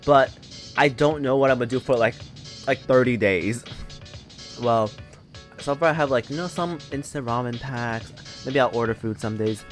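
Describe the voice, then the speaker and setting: A man's voice: medium pitch, moderate pace, long pauses, soft background music. Rambling young man chatting on stream. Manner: rambling, filler-heavy storytelling with frequent laughs. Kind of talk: casual chat while gaming.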